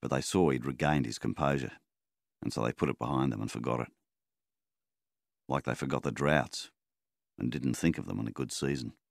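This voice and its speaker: A man reading a novel aloud as an audiobook narrator, measured and even. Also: extremely low pitch, creaky, dry recording, clean studio sound. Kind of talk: scripted narration.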